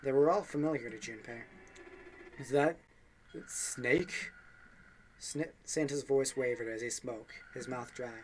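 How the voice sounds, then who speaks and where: A man's voice: medium pitch, normal speed, hardly any pauses, darkish tone, a little hiss or hum. A young man reading a game's story text aloud for a let's play, with offhand asides and small slips.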